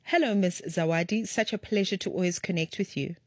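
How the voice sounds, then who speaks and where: A woman's voice: on the low side, fairly quick, dry recording. Woman interview host, affectionate, effusive, dry close mic. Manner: effusive, affectionate, gushing praise. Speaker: radio host. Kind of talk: warm interview chat.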